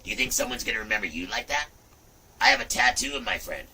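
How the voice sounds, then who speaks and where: Middle-aged guy ranting and rambling on a livestream, swears a lot, really bright edgy voice, kinda far from the mic. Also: fairly low pitch, expressive, fast talker, breathy edge. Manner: profane, rambling, loud outbursts. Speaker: livestream host. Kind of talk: rambling casual livestream chat.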